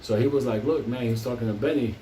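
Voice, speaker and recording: A man's voice: mid-range voice, fairly even intonation, rapid-fire, mellow, a little hiss or hum. A man telling a long comic story from his life, rambling and swearing constantly. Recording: roomy, distant mic.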